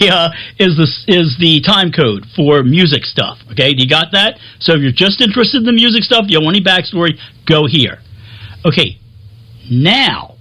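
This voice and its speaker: A man from Philadelphia talks to camera, rambling and chatty, laughing at himself and restarting his sentences. His voice is fairly high for a man, bright and husky, and a light radio-like dullness hangs over the recording. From Philadelphia, USA. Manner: chatty, self-deprecating, frequent fillers and restarts. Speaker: music show host. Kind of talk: rambling casual to-camera talk.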